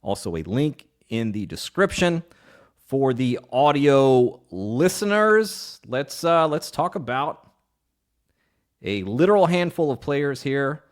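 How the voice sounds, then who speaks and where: A man's voice: medium pitch, big pitch swings, slow pace. A man hosting a podcast, talking in a casual, joking way with rambling asides and playful rants. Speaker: podcast host.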